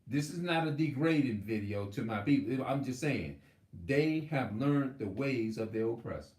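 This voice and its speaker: A man's voice: mid-range voice, expressive, moderate pace, darkish tone, echoey room. A man preaching in a rambling, heated, profane monologue. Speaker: religious video host.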